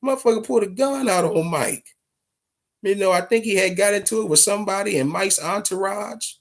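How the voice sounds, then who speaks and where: A man hosting a boxing talk show, telling stories in casual, profane, animated commentary. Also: sits high, a little fast. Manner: profane, storytelling, animated retelling.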